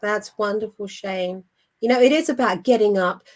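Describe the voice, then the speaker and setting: A middle-aged woman co-hosting a Christian show, speaking earnestly and with indignant emphasis. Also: medium pitch. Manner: emphatic and indignant, with measured phrasing. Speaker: co-host of a Christian online show. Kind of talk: earnest spiritual talk.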